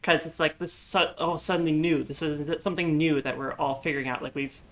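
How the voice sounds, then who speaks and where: A woman's voice: deep voice, steady tone, a little fast. A woman playing a tabletop story game with friends, chatting casually, often laughing and thinking aloud with fillers. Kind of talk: casual game-night chat.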